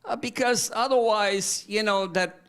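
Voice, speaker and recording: An older man in a church question-and-answer session, telling a story in a halting, rambling way and quoting his son aloud. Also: sits high, fairly bright tone, clear, resonant tone. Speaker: congregant asking a question. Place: church meeting room.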